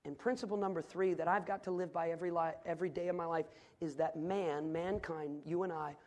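A pastor from the northern United States preaching a sermon, building to loud climaxes and dropping to quiet asides. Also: male voice, a little high, fairly even intonation, fairly quick. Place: church sanctuary.

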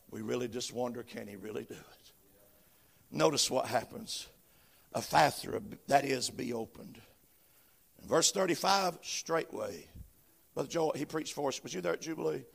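A man preaching a sermon, chanting phrases that start with a gasped "uh" and swell into shouts. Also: medium pitch, creaky. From western North Carolina, USA. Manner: rhythmic preaching, each phrase opened with a gasped "uh", building to shouts. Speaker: visiting preacher. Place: church building.

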